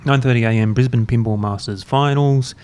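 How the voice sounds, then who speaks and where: A man hosting a podcast, chatting in a relaxed, rambling, self-mocking way while drinking beer. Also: medium pitch, fairly quick, clean tone. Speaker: podcast host. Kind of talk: casual chat. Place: university room, drinking beer.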